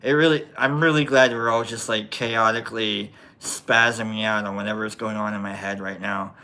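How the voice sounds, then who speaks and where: A man's voice: fairly low pitch, steady tone, normal speed, sharp tone. A man with a Nebraska accent chatting casually on a livestream, joking about himself and often trailing off into a mumble. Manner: joking, self-deprecating, often drops to a mumble. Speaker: host of a mushroom-growing livestream. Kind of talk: rambling casual livestream chat.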